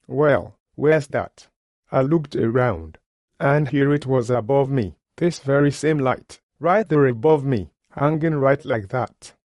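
A man's voice: mid-range voice, darkish tone, dry recording, clean studio sound. A man preaching, telling a personal testimony in an earnest, plain-spoken way with colloquial grammar. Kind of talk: sermon testimony storytelling.

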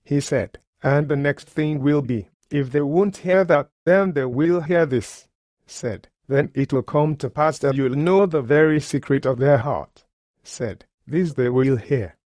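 A man's voice: on the high side, unhurried, a little mellow, no room sound, clean studio sound. A man preaching, telling a personal testimony in an earnest, plain-spoken way with colloquial grammar. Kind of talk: sermon testimony storytelling.

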